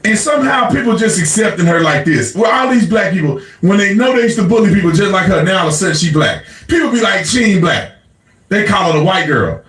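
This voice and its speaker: A man with a high, lively voice that jumps around rants loudly, repeating himself for emphasis. The room around him echoes. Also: fast, few pauses. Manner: loud, animated, repetitive. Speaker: commentator. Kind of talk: animated ranting commentary.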